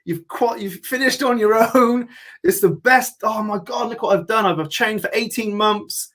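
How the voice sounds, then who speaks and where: A man's voice: high-pitched, moderate pace, a bit bright. A man hosting a casual talk show, chatty and swearing, often laughing as he talks. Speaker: host. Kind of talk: casual chat.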